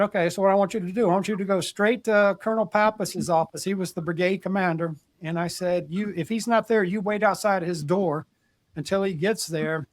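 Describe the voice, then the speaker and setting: An older man recounts his army days in a casual, plainspoken way, often repeating words as he restarts a sentence. His voice sits fairly high for a man. The sound is close and dry, with no room echo. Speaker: retired army general, podcast guest. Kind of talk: casual storytelling interview.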